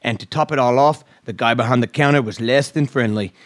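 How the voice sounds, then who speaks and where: A man's voice: medium pitch, a little fast, close to an everyday voice. A man voicing a miffed female customer in a put-on accent, somewhere between British and Australian. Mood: prim. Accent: mock British-Australian, put on.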